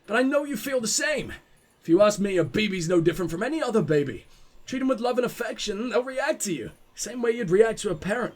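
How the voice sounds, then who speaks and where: A man hosting a game playthrough, reading in-game text aloud and breaking off for casual, profane, joking asides, often stumbling and restarting his lines. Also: sits high. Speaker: let's play host.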